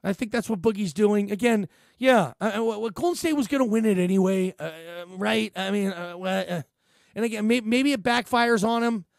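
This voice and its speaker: A man hosting a sports talk radio show, giving an animated, rambling monologue full of fillers and restarts into a studio microphone. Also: high voice, moderate pace, creaky, no room sound.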